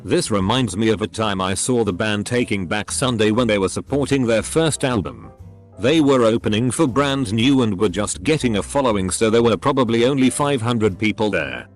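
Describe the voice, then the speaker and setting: A low male voice reads posts aloud in a computer-made way, speaking the quote marks and commas as words. His pitch still moves a lot, and a faint bed of music runs underneath. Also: moderate pace. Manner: reads punctuation aloud, flat delivery of quotes. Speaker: narrator reading online posts. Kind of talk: text-to-speech reading.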